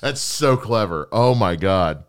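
A male podcast co-host with a lively voice that swings up and down in pitch. He chats casually, swears freely and laughs often. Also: a little slow. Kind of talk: casual podcast chat and ad read.

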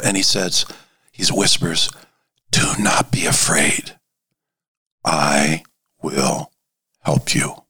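A man preaching an informal sermon, halting, with many fillers and restarts, and dropping to a hushed voice for emphasis. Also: deep voice, husky.

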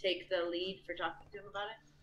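A woman's voice: lowish voice, little pitch movement, fast, fairly bright tone, highs cut off. A woman playing a tabletop game, casual and playful. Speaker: player.

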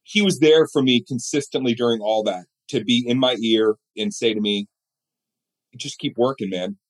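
Speaking at a moderate pace with medium pitch, a middle-aged male guest shares stories energetically in a casual interview. He mimics the voices of the characters as he goes.

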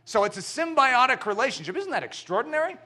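Male pastor, 30s to 40s: bright, forceful, playful sermon delivery. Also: very high voice, fast talker. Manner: animated, playful and emphatic. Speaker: preacher.

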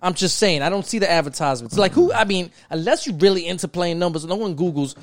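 Animated New man, profane podcast host. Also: high voice, fast. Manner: animated, profane, mock-indignant ribbing. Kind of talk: casual podcast banter.

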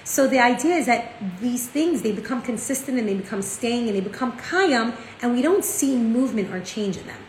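A woman's voice: on the high side, normal speed, hardly any pauses. Chatty New woman teaching in an echoey room. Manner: chatty, animated storytelling with many "like" and "right?". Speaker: Torah class teacher. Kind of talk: casual spoken lesson. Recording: echoey room with faint ambient noise.

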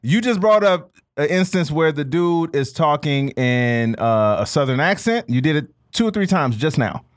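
A man's voice: fairly high pitch, lively intonation, moderate pace. A man in a heated casual podcast debate, insistent, interrupting and repeating his words.

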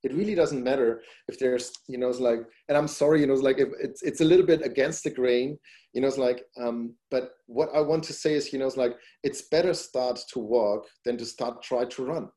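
A man's voice: mid-range voice, brisk, dark tone. A man guesting on a podcast, answering at length in casual talk, filling his sentences with "you know, it's like" and growing emphatic on his points. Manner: rambling, repeats "you know, it's like" often; grows emphatic when making a point. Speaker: podcast guest, company founder.

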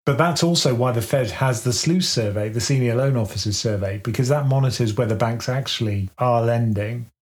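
Man calmly explaining money matters. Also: mid-range voice. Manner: measured, explanatory, uses everyday analogies. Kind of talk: conversational finance explainer.

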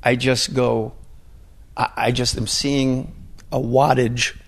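A man tells rambling stories in casual podcast chat, piling on asides. His voice sits in a middle range and has a gravelly fry. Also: medium pitch, flat delivery, takes it slowly. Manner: rambling, storytelling, many asides. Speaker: podcast guest.

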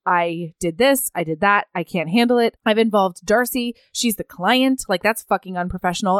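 A woman with a medium-pitched voice, recorded with clean studio sound and no room noise, co-hosts a podcast recapping a novel. She retells the plot casually and animatedly, acting out the characters' lines in quick voices.

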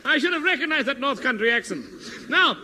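An actor playing a pompous, gullible British hero in a blustering, excitable 1950s radio comedy style. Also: male voice, brisk. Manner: blustering and excitable, with sudden squeaks. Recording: hissy old radio recording in a reverberant hall.

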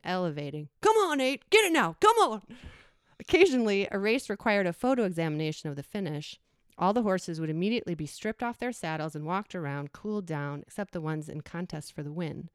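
A woman in her forties reading a personal essay aloud in a reflective, measured way. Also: lowish voice, smooth, dry recording, studio quality. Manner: reflective, measured reading with brief acted quotes. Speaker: storyteller.

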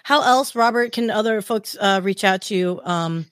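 A woman from Southern California hosting a podcast in an upbeat, chatty way, giving shout-outs. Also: mid-range voice, moderate pace, dry recording, clean studio sound. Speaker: podcast host. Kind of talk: casual podcast chat.

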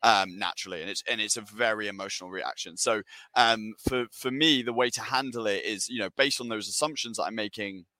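A man hosting a casual panel discussion, energetic and chatty, with many fillers and restarts. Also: on the low side, brisk, no room sound. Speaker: webinar host.

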